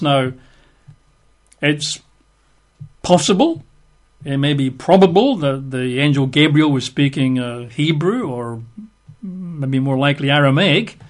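Slow-speaking man teaching the Bible. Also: a little high. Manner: conversational, wry asides, spells out words letter by letter.

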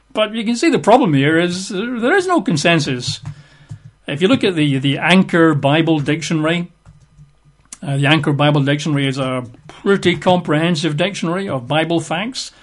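A man's voice: a little high, animated, moderate pace. A man giving an opinionated, plain-spoken talk with wry asides. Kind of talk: casual talk to camera.

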